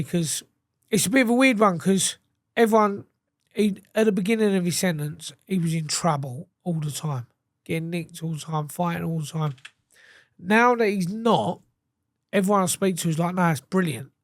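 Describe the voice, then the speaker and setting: Speaking at a normal speed in a high-pitched voice, an Englishman appears as a podcast guest and swaps blunt, sweary stories, animated and full of restarts, in casual conversation. The recording is dry, with clean studio sound.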